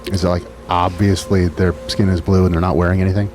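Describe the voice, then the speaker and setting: A man's voice: sits low, little pitch movement, fast talker, darkish tone, slight background noise. A man playing a tabletop game, asking questions and stammering a bit as he thinks aloud. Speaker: player. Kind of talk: casual tabletop role-play.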